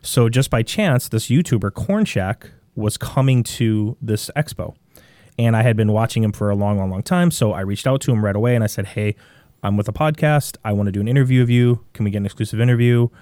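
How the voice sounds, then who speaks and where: A man with a Midwestern American accent, a podcast guest telling a long story in a rambling, animated way with many restarts. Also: on the low side, brisk, no room sound. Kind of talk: casual storytelling.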